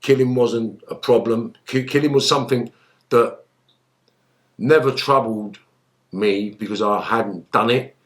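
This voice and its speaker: A middle-aged man, a guest in an interview, telling rough stories with heavy swearing and acting out quotes loudly. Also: medium pitch, measured pace. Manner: animated, swears heavily, acts out quotes in a raised voice. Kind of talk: storytelling in an interview.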